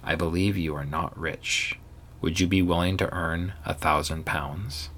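A doomed, pale stranger speaks in a hollow, hushed murmur that sinks almost to a whisper, grimly calm and measured, as a man puts him on in a ghost story reading. The voice sits very deep. It sounds like a figure from a Victorian ghost tale. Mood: hushed dread. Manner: quiet, measured, ominous.

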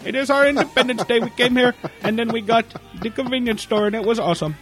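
High-voiced man riffing crudely. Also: quick pace, a bit bright, faint music behind. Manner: profane, mocking, loose and joking. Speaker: podcast co-host. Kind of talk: crude comedic podcast banter.

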